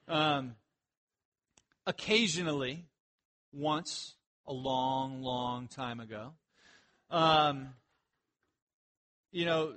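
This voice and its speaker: A man preaching a sermon, telling jokey stories and breaking into animated outbursts. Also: mid-range voice. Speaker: pastor.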